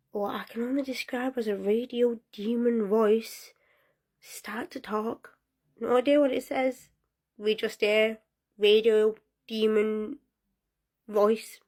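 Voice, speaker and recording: A young woman with a mid-range voice tells a personal story in a casual, lively way, often breaking into laughter.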